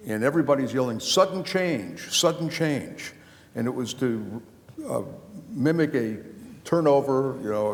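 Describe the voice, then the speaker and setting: An older man with a gravelly, darkish voice of medium pitch tells rambling anecdotes full of restarts. He's an author and former county official giving a live book talk in a lecture hall, and the recording carries a long hall reverb.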